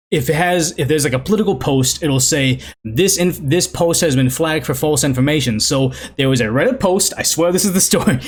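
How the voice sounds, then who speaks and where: A man in his thirties hosting a casual podcast, rambling through posts with frequent laughs and self-mockery. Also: a little high. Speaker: podcast host.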